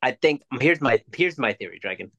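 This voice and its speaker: A man co-hosting a podcast, chatting casually, swearing freely and ranting in quick bursts. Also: medium pitch, lively intonation, creaky, bright, forceful tone. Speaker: podcast co-host. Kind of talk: casual chat.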